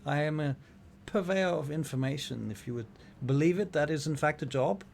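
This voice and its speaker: A man's voice: fairly high pitch, fairly quick, gravelly, a little mellow, a little hiss or hum, pitched above the performer's own voice. A man voicing a courteous, slightly pompous male information broker in a tabletop game. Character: polite, chatty male information broker from the north. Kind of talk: tabletop role-play voice.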